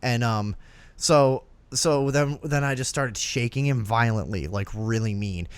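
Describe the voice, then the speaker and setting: Profane, animated male podcast host. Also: medium pitch, a little slow, clear, resonant tone, no room sound. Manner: profane, animated storyteller acting out quotes. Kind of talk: crude storytelling on a comedy talk show.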